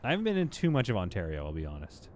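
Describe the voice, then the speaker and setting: A man's voice: low voice, huge pitch swings, racing, a little hiss or hum. Chatty man streaming a city builder. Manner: chatty, talks to the game and to chat, playful asides. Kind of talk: live gameplay commentary.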